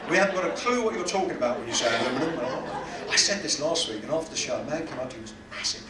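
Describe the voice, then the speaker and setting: A British man does self-deprecating stand-up in a cruise ship cabaret lounge, teasing the audience. His slightly high, expressive voice comes rapid-fire over a noisy crowd, heard from a distance in an echoey room.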